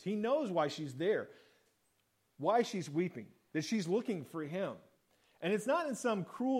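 A man's voice: sits high, darkish tone. A man preaching a sermon in a conversational way, acting out the quoted lines of the story. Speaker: pastor.

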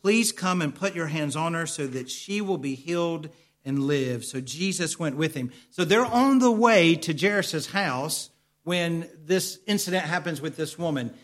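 A man delivering a sermon from the pulpit with a voice a little higher than most men's. He speaks earnestly, says his key points twice and keeps asking the congregation questions. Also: expressive, measured pace, fairly bright tone. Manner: earnest, repeats key lines for emphasis. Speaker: pastor.

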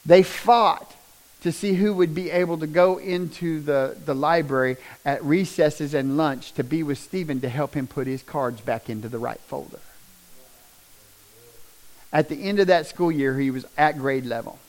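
A middle-aged man shares a testimony as a folksy storyteller. His voice sits slightly high for a man, and he swells into animated bursts of emphasis. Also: normal speed, poor audio. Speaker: speaker sharing a personal testimony.

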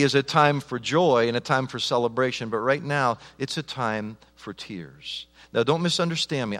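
A man preaching a sermon as pastor, swinging between loud emphatic lines and soft, slowed ones, often repeating words and restarting phrases. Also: mid-range voice. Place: church sanctuary. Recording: long reverb of a large hall.

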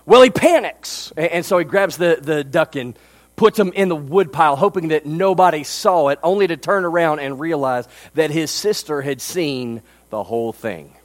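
A man's voice: a little high, moderate pace. A male pastor, preaching a sermon and telling a story with frequent fillers.

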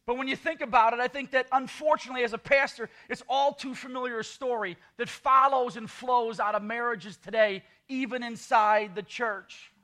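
A man's voice: extremely high pitch, fairly even intonation, normal speed, hardly any pauses, pushed and bright. A man preaching a sermon as pastor, with sarcastic asides and quoted scripture.

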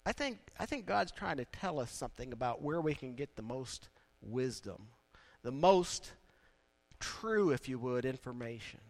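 A man preaching a sermon in a conversational way, building now and then to loud, emphatic peaks. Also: medium pitch, big pitch swings, measured pace. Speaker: pastor.

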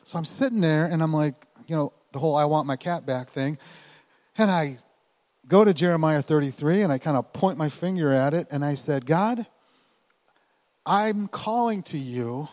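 A man in his forties, a pastor, telling a personal story in a sermon, animated and folksy, with chuckling asides. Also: fairly high pitch, brisk, in a large hall.

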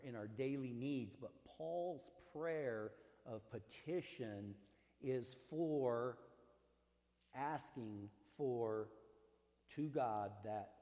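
A man's voice: medium pitch, dark tone, long reverb tail. A man preaching as a pastor, earnest and conversational, leaning hard on key words and drawing them out, with casual fillers and asides. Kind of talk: sermon.

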